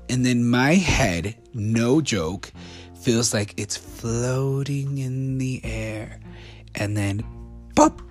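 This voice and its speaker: A young man from the States telling a travel story in a casual, rambling way, full of fillers, restarts and laughs. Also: fairly low pitch. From United States.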